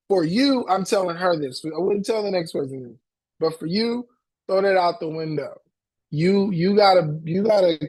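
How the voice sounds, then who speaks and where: A man talking as a life coach in casual, slangy, animated chat, repeating himself and acting out voices. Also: fairly high pitch.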